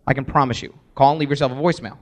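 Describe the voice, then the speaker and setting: A man presenting a live sales workshop, energetic, acting out sample voicemails as he teaches. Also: mid-range voice, very fast.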